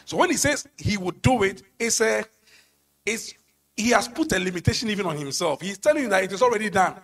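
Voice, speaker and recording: A man's voice: high-pitched, expressive, fairly quick. A man preaching a sermon, pressing his points with emphatic, sung-out phrases. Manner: emphatic, rising to sung shouts on key phrases.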